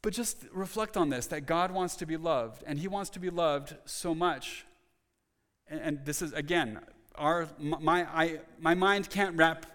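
Male pastor, earnest sermon, many restarts, slightly higher voice, long hall reverb. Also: pushed and bright. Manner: earnest, restarts often, rising to emphatic.

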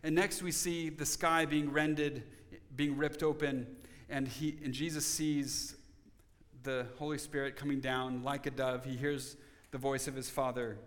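A man preaching a sermon as pastor, earnest, dropping to soft tones for emphasis. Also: mid-range voice, little pitch movement, measured pace, in a large hall.

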